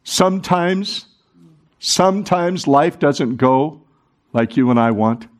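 A man preaching a sermon to a congregation, animated, talking with the room and acting out the quoted voices. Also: on the high side, slow. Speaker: pastor.

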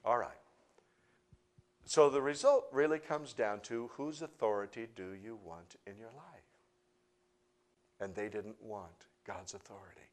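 A male pastor preaching a sermon, asking the congregation rhetorical questions, building to loud emphatic peaks and then dropping to a quieter, confessional tone. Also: on the low side, unhurried, pauses often.

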